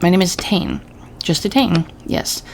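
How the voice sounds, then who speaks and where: A woman voicing a bored, flat-spoken male customs inspector in a game. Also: lowish voice, unhurried, vocal fry. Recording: steady background noise.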